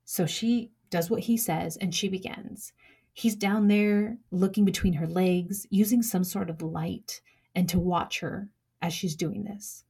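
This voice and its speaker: Husky young woman telling a true story. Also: lowish voice, steady tone, warm tone. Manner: measured, dramatic pauses, acts out quoted lines.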